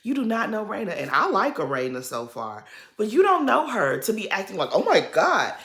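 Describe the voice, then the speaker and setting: A woman's voice: mid-range voice, wildly swooping pitch, brisk, a bit bright, roomy sound. A woman giving blunt, sassy commentary on a reality show in a casual recap.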